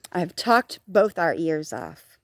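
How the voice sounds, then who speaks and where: A woman's voice: on the low side, no echo, clean studio sound. A woman vlogging outdoors on a walk, talking frankly and rambling, swearing freely and joking at herself. She says she is hard of hearing. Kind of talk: casual talking-to-camera vlog.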